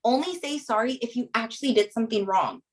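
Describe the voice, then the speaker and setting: A woman's voice: a little high, quick pace, low-quality recording. A woman leading a group coaching session, giving motivational advice in an emphatic way and checking in with "right?" after nearly every point.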